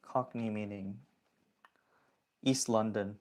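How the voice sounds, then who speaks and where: A man's voice: on the low side, steady tone, slow pace, darkish tone. A young man from the area, chatting casually with viewers on a phone livestream, slangy and reading chat comments aloud. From Toronto area, Canada.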